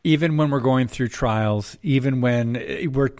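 A man's voice: mid-range voice, unhurried, darkish tone. A man hosting a faith talk show, asking encouraging questions. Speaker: host.

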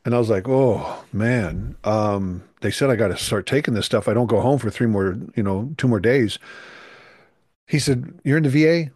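A man's voice: fairly low pitch, normal speed, darkish tone, no room sound, studio quality. A middle-aged man, a youth minister, telling an emotional personal testimony in an earnest, emphatic way. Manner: earnest, emphatic, voice rising with feeling.

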